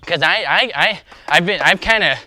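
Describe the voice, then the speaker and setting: A young man chats through his skateboarding livestream with a bright, tense voice pitched a little high. He rambles, full of fillers, upbeat and a bit out of breath. The sound is dry and close. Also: moderate pace, dry recording. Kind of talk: casual livestream chat while skateboarding. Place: outdoors skating.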